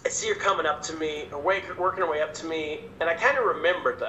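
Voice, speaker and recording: A male stand-up comedian telling a story as a podcast guest, animated and self-mocking. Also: fairly high pitch, fast talker, few pauses, lo-fi sound, slight background noise. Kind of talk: casual storytelling. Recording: echoey room, faint ambience.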